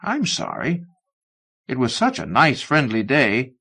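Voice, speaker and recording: A man reading a story aloud, voicing a gentle, nostalgic old man who lingers softly over what he remembers. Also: medium pitch, wildly swooping pitch, unhurried, creaky, slightly rough, full character voice.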